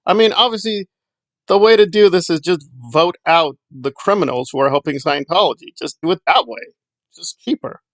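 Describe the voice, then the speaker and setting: A man's voice: high voice, normal speed, no echo. A man hosting a casual solo commentary, talking in a sarcastic, dismissive way. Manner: sarcastic, dismissive, with mocking quoted voices. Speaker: commentary channel host.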